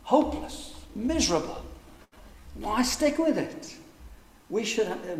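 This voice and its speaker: A man preaching a sermon, emphatic and full of rhetorical questions, stretching some words out slowly for stress. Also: high voice, sing-song, a little mellow. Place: church. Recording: echoey church hall with long reverb.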